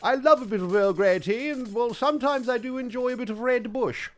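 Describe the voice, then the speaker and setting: A man putting on a posh British accent, playing an upper-class Englishman fond of tea in a high, plummy voice. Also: a little fast, a bit bright. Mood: pompous. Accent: posh British, put on.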